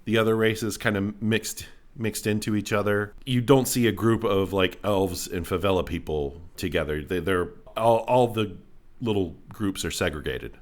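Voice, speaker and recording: A man's voice: fairly low pitch, normal speed. Laid-back man running a tabletop game. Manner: relaxed, laughing narration. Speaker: game master.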